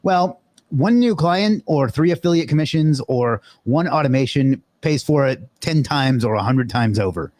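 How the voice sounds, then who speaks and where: A man hosts a live online session in a loose, offhand way. He talks casually with plenty of fillers and the odd swear word. His voice is mid-pitched and sounds dry and close, with no room echo. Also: lively intonation, normal speed, a little mellow. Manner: loose and profane, with many fillers. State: out of breath. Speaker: host of a live webinar.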